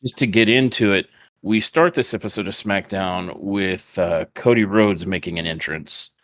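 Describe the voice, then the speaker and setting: Man, lowish voice, podcast recap, wry and laid-back. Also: normal speed, fairly bright tone, no echo. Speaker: podcast co-host.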